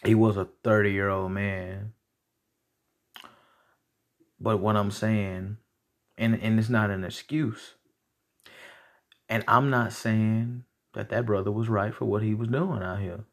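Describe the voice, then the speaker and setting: A man's voice: lowish voice, steady tone, slow, long pauses. A young man hosting a podcast, ranting bluntly and heatedly with lots of profanity. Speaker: podcast host. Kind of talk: casual rant.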